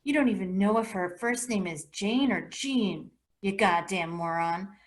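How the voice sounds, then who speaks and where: A woman voicing an angry young male roommate, shouting threats during a fight. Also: medium pitch, unhurried, lightly acted. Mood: threatening.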